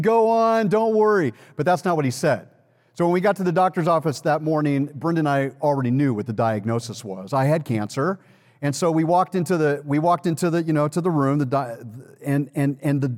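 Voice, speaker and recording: Man, pastor, conversational sermon, emphatic build-ups, somewhat high voice, big reverberant church hall. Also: darkish tone. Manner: conversational storytelling preacher, rises to emphatic peaks. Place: church sanctuary. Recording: long reverb of a large hall.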